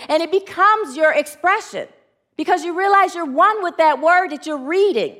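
Earnestly preaching, a woman pastor invites her congregation into call and response. During sorrowful moments, her voice becomes quiet and low.

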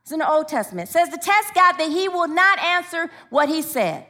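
Female preacher, emphatic call-and-response sermon, bright tone. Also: very high voice, big pitch swings, a little fast. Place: church.

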